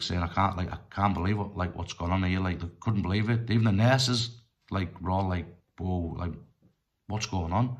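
A middle-aged man telling a personal story in a rambling, halting way, full of restarts and fillers. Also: deep voice. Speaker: storyteller vlogger.

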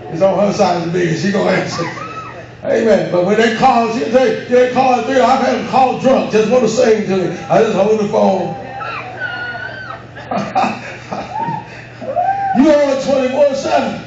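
A male pastor preaching a fervent sermon, rising into drawn-out shouts and calling on the congregation to answer. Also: high voice, vocal fry. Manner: calls on the congregation for responses. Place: church sanctuary. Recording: echoey, dull room recording from far off with background noise.

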